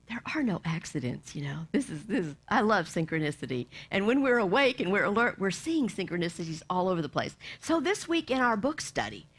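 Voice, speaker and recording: Woman minister preaching, slightly high voice, expressive delivery that slips into soft whispers. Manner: animated, acts out voices, drops to soft near-whispers. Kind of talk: sermon.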